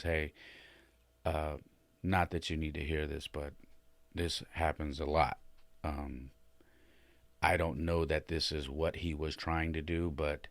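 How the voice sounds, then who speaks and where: Very deep-voiced man telling a story. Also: no room sound. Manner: retells with animated quoted voices, many fillers. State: shaken and emotional. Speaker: podcast host. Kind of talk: casual storytelling.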